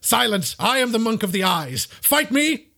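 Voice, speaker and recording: A man's voice: high-pitched, moderate pace, gravelly, voice pushed up, heavily acted. A man voicing a small, solemn male monk creature who guards an eye, speaking in a stern, formal way. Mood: hostile. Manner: stern, formal, then calmly accepting.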